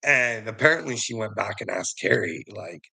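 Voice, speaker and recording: Gravelly, profane man telling a story. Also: on the low side, expressive, normal speed, sharp tone, poor audio. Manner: profane, rambling, laughs often. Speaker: vlogger. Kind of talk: casual storytelling monologue.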